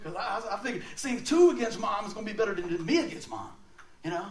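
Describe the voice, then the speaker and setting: A man giving a sermon, telling stories in an animated way and laughing often as he talks. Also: high voice, fast. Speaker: preacher. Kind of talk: storytelling sermon. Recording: roomy sound, mic at a distance.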